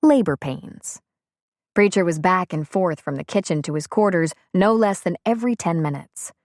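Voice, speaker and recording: A woman with a voice on the low side narrates an audiobook, reading a script in an even, measured storytelling style. The studio recording is clean, with no room sound.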